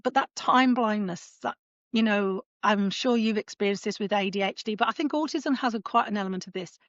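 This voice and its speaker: A woman's voice: mid-range voice, brisk, no echo, muffled recording. A woman co-hosting a podcast, talking in a rambling casual way with bursts of laughter. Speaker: podcast co-host. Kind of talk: casual chat.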